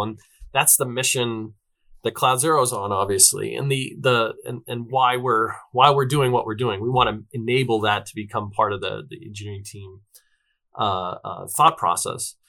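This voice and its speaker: A man speaks as a guest in an interview, his voice bright and forward in a middle register. He talks loosely and conversationally, checking in with listeners as he goes and filling pauses with small hesitations. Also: medium pitch. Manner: chatty, peppers sentences with "right?" and fillers. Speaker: guest, tech company representative.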